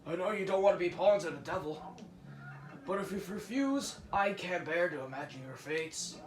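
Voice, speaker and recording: A man's voice: high-pitched, expressive, moderate pace. A man doing a wise old kettle elder. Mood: concerned. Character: wise elderly male kettle, kindly mentor. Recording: roomy room, game music behind.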